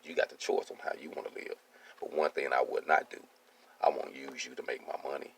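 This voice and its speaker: A man's voice: very deep voice, steady tone, brisk, creaky. A man in his thirties, a welding business owner, tells his life story in a streetwise, casual monologue and keeps asking "you see what I'm saying.".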